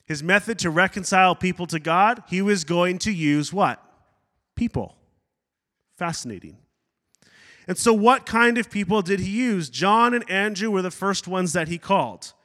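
Bright-voiced man preaching in an echoing hall. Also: sits high, normal speed. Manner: animated preaching with asides and acted-out quotes. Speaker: pastor. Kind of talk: sermon. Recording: long hall reverb.

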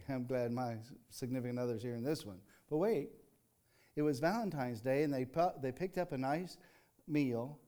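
An older man preaching a sermon in a folksy, conversational way, rising into emphatic reading and dropping to quiet asides. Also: mid-range voice. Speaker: pastor.

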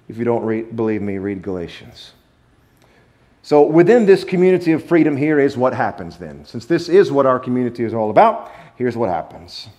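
A man preaching a sermon to a church congregation, talking in a conversational way, laughing easily and stretching out key words for emphasis. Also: medium pitch. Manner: conversational and animated, with playful laughs and drawn-out emphasis. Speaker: pastor. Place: church sanctuary.

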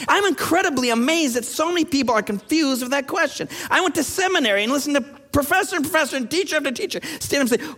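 A pastor in his thirties preaches in a church sanctuary, his voice sitting unusually high for a man. He moves from easy storytelling into urgent, pressing challenges, and long reverb from the hall trails each phrase. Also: lively intonation, fast talker, few pauses, fairly bright tone. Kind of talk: sermon.

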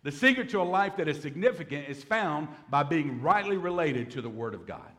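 A man's voice: fairly high pitch, expressive, a little fast, a bit bright. A man, a pastor preaching a Bible-teaching sermon in a folksy way, with humorous asides.

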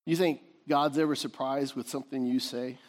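A man preaching a sermon, animated, laughing often and swinging from shouts to hushed tones. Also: medium pitch, normal speed. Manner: laughs often between points. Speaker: pastor.

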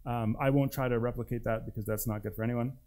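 A man's voice: mid-range voice, fairly even intonation, quick pace, warm tone. A man preaching a sermon as pastor, with an emphatic delivery that swings between rising and dropping.

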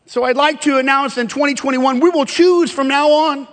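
A man preaching a sermon, animated and emphatic, joking with the congregation between scripture readings. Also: very high voice, normal speed. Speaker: pastor. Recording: long hall reverb.

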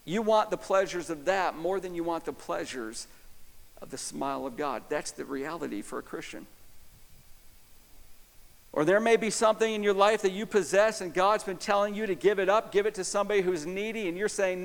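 A man preaching a sermon as pastor, emphatic, swinging between loud stresses and hushed, intimate appeals. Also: high-pitched, normal speed, gravelly. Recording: long hall reverb.

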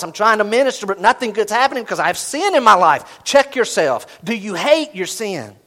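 A middle-aged man preaching a sermon, animated, swinging from loud bursts to hushed asides. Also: fairly high pitch. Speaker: pastor.

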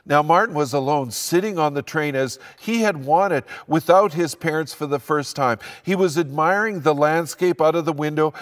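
Older pastor preaching in a reverberant hall. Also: male voice, a little high, normal speed, hardly any pauses. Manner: earnest, building emphasis. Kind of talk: sermon.

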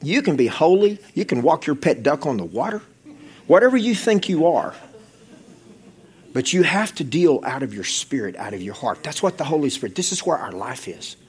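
A male pastor preaching a sermon, swinging from loud exhortation to hushed, intense storytelling. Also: fairly high pitch, very animated, normal speed, husky.

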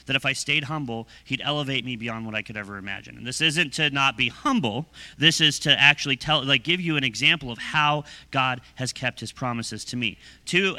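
A young man in his twenties preaching a sermon in a conversational, energetic way, often checking in with "right?" and "okay?". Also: medium pitch. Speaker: pastor.

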